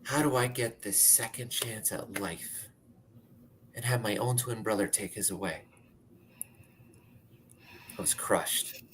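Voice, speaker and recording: A man's voice: lowish voice, takes it slowly, pauses often, a bit bright, slight background noise. Guy in his 30s from pennsylvania, just talking through his story, lots of "like", pretty candid. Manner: candid, conversational, uses "like" often. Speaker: speaker sharing his story. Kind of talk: personal storytelling talk.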